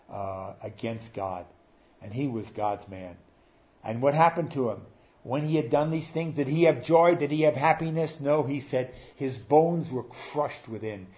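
A man preaching a sermon earnestly, with rising and falling emphasis and frequent pauses. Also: mid-range voice. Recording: slightly dull lo-fi sound.

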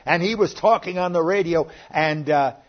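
An older man delivers a sermon in a plain, earnest way, his voice sitting a bit high for a man. He now and then swells louder to press a point. The recording is muffled and lo-fi. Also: normal speed. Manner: earnest, plainspoken preaching with sudden rises in loudness. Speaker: pastor. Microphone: online sermon recording.

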